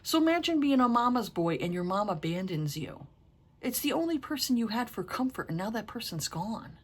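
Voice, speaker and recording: A woman's voice: fairly high pitch, very animated, brisk, husky. A middle-aged woman reviewing books in casual chat, blunt and exasperated, with a habit of swearing. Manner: frank, exasperated and profane. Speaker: book reviewer.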